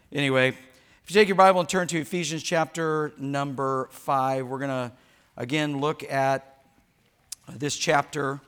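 A man's voice: mid-range voice, a bit bright. An older man preaching a sermon as a pastor, joking and telling stories, acting out little quotes in between. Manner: joking, storytelling preacher who acts out quotes.

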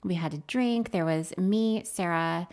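Woman co-host, low-set voice, animated storyteller who laughs often, casual couple chat. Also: a little slow. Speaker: podcast co-host.

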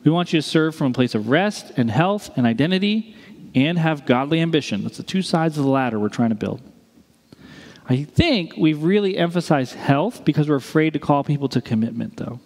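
A male pastor preaching a sermon in a lively way, with joking asides and acted-out quotes. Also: on the high side, a little fast. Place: church sanctuary. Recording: long reverb of a large church hall.

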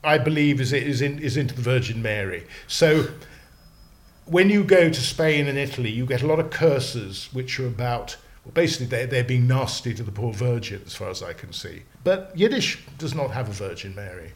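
Man chatty lexicographer guest, animated and digressive, often restarts his sentences, mid-pitched voice. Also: moderate pace. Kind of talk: casual podcast discussion.

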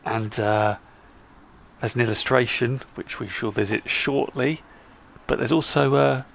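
A man's voice: medium pitch, measured pace, creaky, a bit bright. A man co-hosting a podcast, trading dry, wry banter in casual chat. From England. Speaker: podcast co-host.

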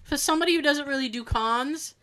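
High, bright, animated woman. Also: brisk. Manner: animated, playful, laughs often. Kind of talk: casual chat.

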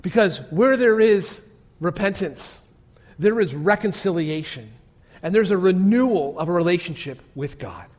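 A pastor with a high-pitched voice preaches, telling the story with drama. He often sinks into a hushed tone and turns to his listeners with direct questions. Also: animated, normal speed. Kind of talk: sermon.

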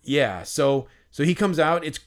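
A man co-hosting a podcast, telling a story in an animated, rambling way, full of fillers and the odd swear word. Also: a little high, measured pace. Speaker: podcast co-host. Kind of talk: casual storytelling chat.

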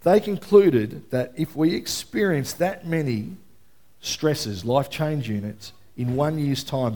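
A man's voice: medium pitch, warm tone. A man pastor giving a sermon in a conversational style, often checking in with the congregation. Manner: conversational preaching, checks in with listeners.

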